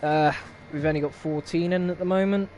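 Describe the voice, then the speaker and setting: A man's voice: on the high side, steady tone, a little fast, darkish tone, faint music behind. A young man hosting a racing league stream, chatting casually in a wry, rambling way and laughing often. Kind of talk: casual live-stream chat.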